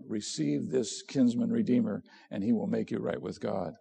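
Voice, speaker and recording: A man's voice: medium pitch, normal speed, gravelly, hardly any pauses, mellow, husky. A middle-aged man preaching a sermon as a pastor, conversational and direct, posing questions to his listeners.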